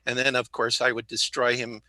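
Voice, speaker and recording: A slightly sick man chatting as a guest in a bright, tense-edged voice. He rambles, tells jokes and backtracks mid-sentence. The sound is dry and close, with no room behind it. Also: medium pitch, completely flat delivery, brisk, no echo. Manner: rambling, jokey, self-correcting. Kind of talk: casual interview talk.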